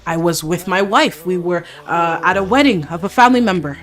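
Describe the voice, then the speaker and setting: A woman voicing an indignant, wealthy older father and grandfather who turns sarcastic and shouts in outrage. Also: fairly low pitch, a little fast, soft background music, close to an everyday voice. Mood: defensive. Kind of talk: voicing game characters in a let's play.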